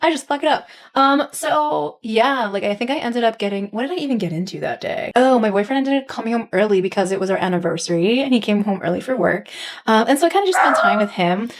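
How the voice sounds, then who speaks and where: A woman's voice: fairly high pitch, lively intonation, fast talker, slight background noise. A woman vlogging casually at her computer, rambling candidly and swearing now and then. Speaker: vlogger, head of social media. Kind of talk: casual vlog chat. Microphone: computer camera.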